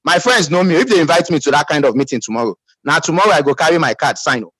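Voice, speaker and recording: Nigerian English man, team leader, emphatic pep talk, high and animated, dry sound. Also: rapid-fire, slightly rough, no room sound, low-quality recording. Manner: emphatic, calls for audience responses.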